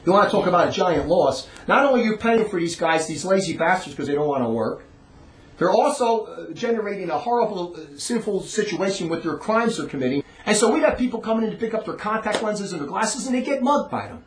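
A man with a notably high voice rants through a long monologue in a rambling, emphatic way, circling back and repeating himself. The sound carries a roomy echo. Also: lively intonation, a little fast. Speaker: monologue speaker. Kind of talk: ranting monologue.

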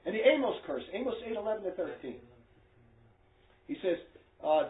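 A man's voice: sits high, very animated, moderate pace, pauses often. A man preaching to a small group in a blunt, emphatic, scolding way. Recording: echoey tinny phone-like recording.

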